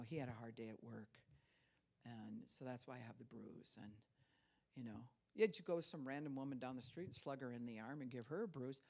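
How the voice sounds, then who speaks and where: A woman's voice: deep voice, a little mellow. A middle-aged woman pastor giving a conversational sermon, acting out quoted voices and laughing now and then.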